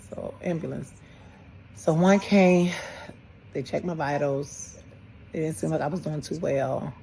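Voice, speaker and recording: Low dark-voiced middle-aged woman. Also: a little hiss or hum, low-quality recording. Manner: plain, halting retelling with quoted dialogue. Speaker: grieving mother. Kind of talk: personal storytelling.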